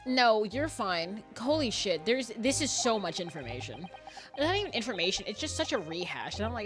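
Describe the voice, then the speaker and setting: A woman streamer giving live gameplay commentary, excitable, laughing often and swearing freely. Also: mid-range voice, normal speed. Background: game music.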